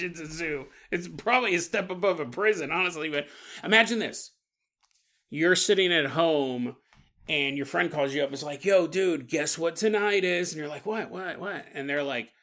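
A man's high, pushed, bright voice carries a rambling comedic monologue on the paranormal podcast he hosts. He laughs often and acts out silly voices.

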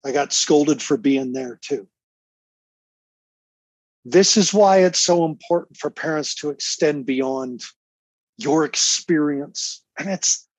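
A man's voice: on the high side, breathy edge, no echo. A man in his fifties, reading a personal letter and then talking candidly as a guest, intense and emphatic. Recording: slightly dull, dry sound.

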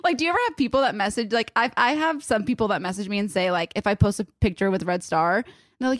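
A woman in her thirties co-hosting a casual chat, playful and quick to laugh. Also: medium pitch, lively intonation, no room sound. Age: 30s. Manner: playful, giggly, joking.

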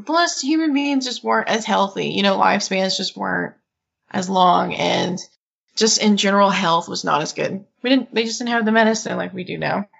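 A woman's voice: mid-range voice, normal speed, creaky, a bit bright, breathy edge, dull audio. A woman co-hosting a podcast in casual chat, laughing often and reading from an article. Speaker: podcast co-host.

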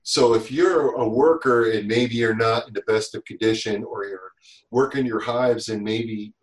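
A man's voice: lowish voice, a little slow. Chatty man in an echoey room. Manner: animated storyteller, acts out quotes. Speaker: guest, safety instructor. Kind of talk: casual podcast chat.

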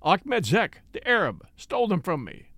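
A man's voice: high-pitched, wildly swooping pitch, moderate pace, fairly bright tone, dry recording, heavily acted. A man reading an audiobook, voicing a frightened adult thief who begs desperately for his life. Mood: pleading. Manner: pleading, desperate.

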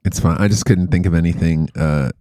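A man's voice: low voice, steady tone, fairly quick, mellow, dry recording, studio quality. A man co-hosting a casual chat, rambling loosely and laughing at his own bits.

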